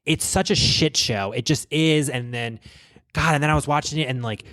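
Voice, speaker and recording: A man's voice: fairly high pitch, normal speed, fairly bright tone, no echo. Profane, rambling man podcast host. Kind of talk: casual gossip commentary. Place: podcast studio.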